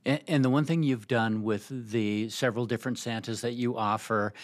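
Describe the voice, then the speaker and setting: A man's voice: mid-range voice, fairly even intonation, moderate pace. A man hosting a podcast, interviewing guests and often tagging his remarks with "right?". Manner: affirming, frequent "right?" tags. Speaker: podcast host.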